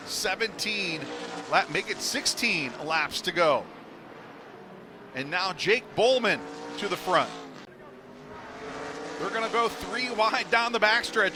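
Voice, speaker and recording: A man calling a stock car race live, building excitement toward the finish. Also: high voice, background noise. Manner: excited, rising to shouts at the finish. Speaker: race commentator.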